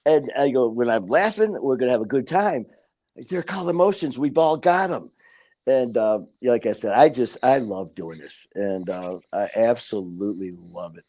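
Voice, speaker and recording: This middle-aged man speaks at an ordinary, mid-range pitch. He talks in a candid, rambling way, swears freely and acts out what people said to him as he tells his stories. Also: animated, normal speed, dark tone. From Detroit, Michigan. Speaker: podcast guest. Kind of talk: casual interview talk.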